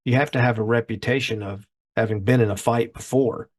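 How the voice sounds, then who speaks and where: A man putting on a cool, unflappable male greaser who hands out advice in a low, offhand way. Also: fairly even intonation, a little fast, close to an everyday voice.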